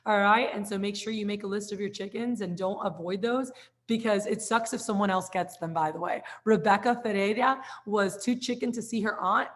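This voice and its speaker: A woman's voice: mid-range voice, fairly bright tone. Upbeat chatty woman sales trainer. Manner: upbeat, chatty, lots of "like" and "all right?". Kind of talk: casual training talk.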